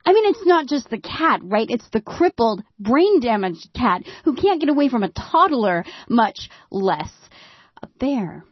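A woman telling a personal story in a monologue, with wry, dry humor and dramatic hushed drops. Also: fairly high pitch, sing-song, unhurried, breathy edge, dry recording, muffled recording.

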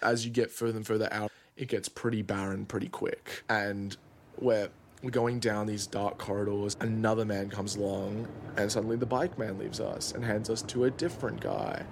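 A young man in his twenties recounts a trip in a relaxed, vivid storytelling voice, sitting a little low in pitch. He talks casually, with quick asides. There is a faint hum of ambience behind him. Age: 20s. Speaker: student storyteller. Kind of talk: personal travel story.

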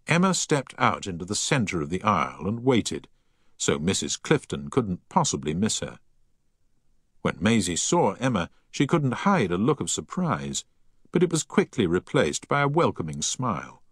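A man narrating an audiobook novel in an expressive storytelling way, recorded close and dry. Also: fairly low pitch, husky, dry recording. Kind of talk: scripted narration.

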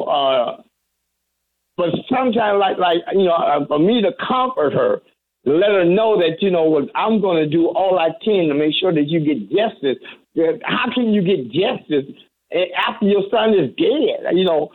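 A man, a reverend, speaking as a guest on a call-in radio show in an earnest, heavy-hearted way with many restarts. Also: high voice. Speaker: reverend and community advocate. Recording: tinny phone line.

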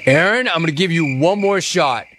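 A man's voice: fairly high pitch, normal speed, noisy background. A middle-aged man hosting a talk show, reading listener gripes aloud and teasing callers. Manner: teasing, animated, mock-outraged. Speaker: radio talk show host. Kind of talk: reading listener messages on live radio.

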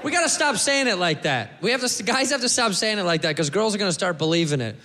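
A man doing a crude, animated stand-up set on a comedy club stage, shouting and drawling out his punchlines. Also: sits high, fast. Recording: reverberant club hall, faint noise.

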